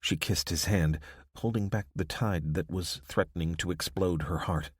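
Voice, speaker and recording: A man narrating an audiobook in steady, even scripted storytelling. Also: sits low, normal speed, husky, no echo, studio quality.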